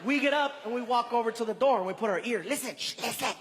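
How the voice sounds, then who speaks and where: A man performing stand-up, telling a story in an animated, theatrical way on a live stage. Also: very high voice, fast. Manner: animated, loud and theatrical delivery. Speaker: stand-up comedian. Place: large live comedy venue. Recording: stage mic in a reverberant hall with loud crowd noise.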